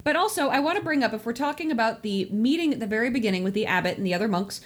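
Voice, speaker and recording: Woman co-host, casual recap chat; bright-pitched, very animated, joking. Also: husky. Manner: animated, quick to joke and laugh. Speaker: podcast co-host.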